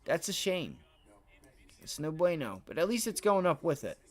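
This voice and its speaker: A man streaming live from home, giving excitable, profane trading commentary while talking to himself and his viewers. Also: fairly high pitch, normal speed. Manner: excitable, swears, talks to himself and chat. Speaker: livestream day trader.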